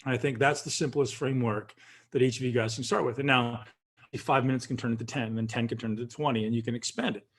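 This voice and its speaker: Husky guy on a video call, calm and instructive, walking everyone through a breathing drill. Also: medium pitch, fast talker. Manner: calm, instructive, addresses listeners directly. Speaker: guest leading a breathing practice. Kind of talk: coaching instruction.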